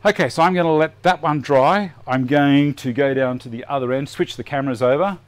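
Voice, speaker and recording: A slightly quick, mid-range male voice comes through with some light background noise. The speaker, a middle-aged Australian hosting a live woodworking show, chats easily, jokes at his own expense, and thinks aloud while working at the bench.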